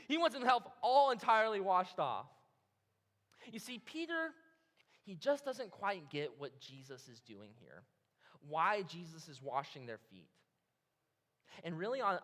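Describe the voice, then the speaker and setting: A high, bright male voice preaching with lively, dramatic storytelling. He rises and falls as he plays out each reaction. Long reverb from a church hall trails his words. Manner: animated storytelling, acts out the disciples' reactions. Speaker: pastor. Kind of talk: sermon.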